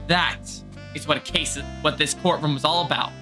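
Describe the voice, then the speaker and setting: A woman voicing a brooding, smug male prosecutor while reading a visual novel on stream, speaking in slow, low pronouncements. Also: fairly even intonation, over music, close to an everyday voice. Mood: solemn.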